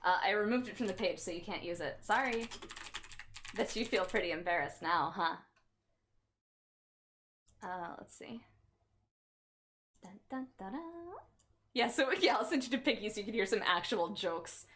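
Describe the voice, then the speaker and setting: A woman's voice: mid-range voice, moderate pace, pauses often, a bit bright. A woman livestreamer chatting casually with her chat in a playful, teasing, mock-offended way.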